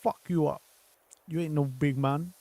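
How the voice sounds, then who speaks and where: A man putting on an aggressive young street tough from London, spitting taunts and threats in thick slang, slow and deliberate. The voice is dry and close, with no room around it. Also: fairly high pitch, fairly even intonation, creaky, dark tone, dry recording. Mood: menacing.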